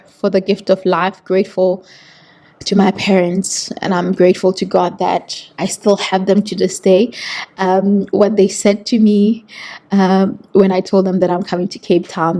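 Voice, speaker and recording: A woman's voice: mid-range voice, warm tone. A woman in her thirties with a South African accent, talking to camera as a vlog host in a heartfelt, earnest way, often repeating words. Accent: South African English. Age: 30s. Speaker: vlogger host. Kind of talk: casual motivational talk to camera.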